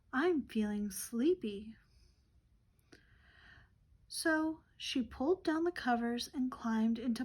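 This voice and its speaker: A woman storyteller reading a picture book aloud to children, clear and gentle. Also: fairly high pitch.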